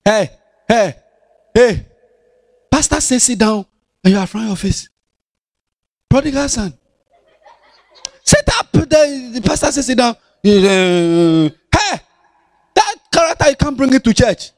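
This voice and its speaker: A man with a Ghanaian accent gives children a lively Bible lesson, his high voice swooping up and down through big pitch swings. He's sing-song and playful, teasing his young listeners, unhurried, with vocal fry and frequent pauses. The recording is close and dry.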